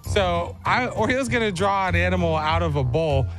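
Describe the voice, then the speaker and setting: A man's voice: sits high, lively intonation, normal speed, over music. A male radio host running a call-in game on a morning show, joking and teasing his co-host. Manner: playful, laughing, teasing.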